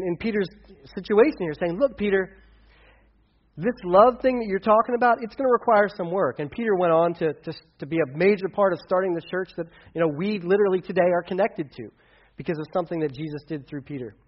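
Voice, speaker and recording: A male pastor giving a casual, conversational sermon that acts out dialogue with big swings in loudness. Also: high-pitched, lo-fi sound.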